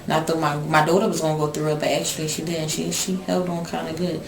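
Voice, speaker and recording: A woman's voice: deep voice, flat delivery, fast, gravelly. A woman speaking as an incarcerated mother in a documentary interview, telling her story plainly and with feeling. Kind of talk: documentary interview, casual talk. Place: prison. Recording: echoey room with crowd behind.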